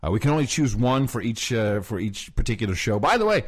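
A man co-hosting a podcast in casual banter, chatty and quick to laugh. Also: medium pitch, breathy edge. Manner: laughs easily, lively chatty delivery. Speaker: podcast co-host.

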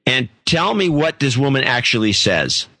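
Blunt, bright-voiced male podcast host. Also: medium pitch, very animated, normal speed, no echo. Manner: blunt, opinionated, dismissive. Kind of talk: casual chat.

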